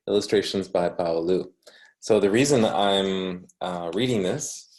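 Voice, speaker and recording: A man from Canada with a Canadian English accent, reading a book aloud slowly for English learners, with ums and self-corrections. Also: low voice, darkish tone. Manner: slow, unhurried, with frequent ums and self-corrections. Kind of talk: casual read-aloud lesson for English learners.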